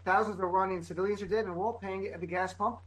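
A man co-hosting a political talk show as a comedian, talking in emphatic, heated bursts and rapid-fire lists. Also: sits high, steady tone, a bit bright, rough recording. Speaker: comedian and co-host. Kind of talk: political commentary chat.

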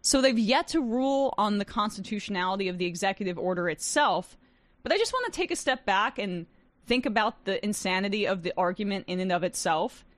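A young adult woman hosting a news talk show as a fill-in reads the headlines and weighs in with casual sarcasm and frequent laughter. Her medium-pitched voice has lively intonation, and there's no room sound.

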